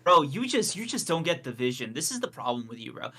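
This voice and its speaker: A man's voice: on the high side, big pitch swings, fast, pushed and bright, slightly rough. A man co-hosting a podcast, teasing and defending himself in casual banter. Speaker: podcast co-host. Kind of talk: casual chat.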